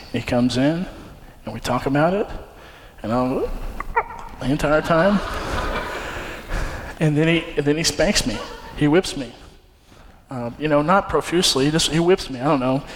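A young man preaches earnestly, slipping into casual story-telling full of fillers and restarts. His voice sits a little high. It rings with long reverb in a big hall over faint background noise. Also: normal speed. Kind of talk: sermon with personal story.

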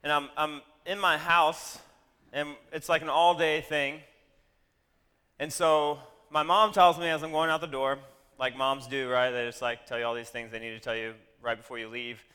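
A man with a slightly high, bright and crisply resonant voice tells a story to an audience. He keeps it animated and drops wry, self-deprecating asides. His words ring out with a long hall reverb. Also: normal speed.

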